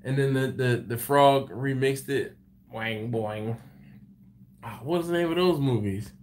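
Casual livestream host chatting with viewers. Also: male voice, medium pitch, normal speed, slight background noise. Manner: laughing, animated storytelling. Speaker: BBQ channel host on a livestream. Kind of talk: casual chat reading viewer comments.

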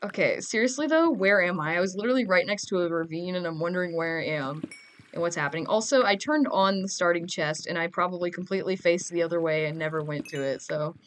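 A woman's voice: fairly low pitch, fast. A teenage girl giving casual, goofy gameplay commentary, chatting and rambling to her audience. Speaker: gamer.

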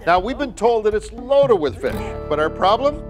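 A man's voice: sits high, big pitch swings, normal speed, over music. A man hosting a fishing show, presenting the lake and introducing a guest. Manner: upbeat introducing.

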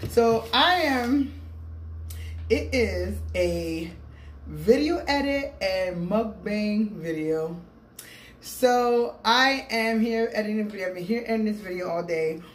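A woman's voice: mid-range voice, takes it slowly. A middle-aged woman rambling casually to her viewers in a mukbang vlog, calling them "people", recorded on a phone with a small mic at home. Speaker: vlogger. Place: room at home. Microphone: phone with small clip-on mic. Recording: echoey room, faint background hum.

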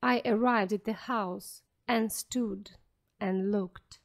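Slow clear woman reading a story. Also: medium pitch, fairly even intonation. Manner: clear, careful and deliberate. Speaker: audiobook narrator. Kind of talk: slow graded-reader narration for learners.

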